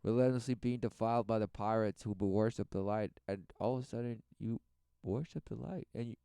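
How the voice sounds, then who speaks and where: A man giving sarcastic commentary over video footage, mocking the people he sees with quick scornful voices. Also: on the low side, vocal fry, mellow, clean tone, no room sound, studio quality. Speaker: religious commentator.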